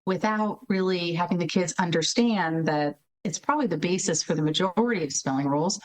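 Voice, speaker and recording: Woman guest, animated explainer, slightly low voice, acts out kids. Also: brisk, rough recording. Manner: frequent tag questions, laughs while explaining. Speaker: interview guest, learning center director. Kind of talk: casual interview talk.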